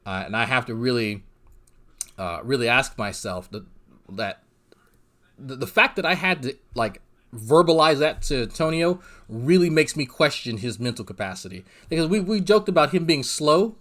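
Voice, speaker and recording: A man's voice: mid-range voice, expressive, moderate pace, fairly bright tone. A man giving livestream drama commentary, ranting in a profane, rambling and sarcastic way, with lots of restarts and fillers. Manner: exasperated, sarcastic.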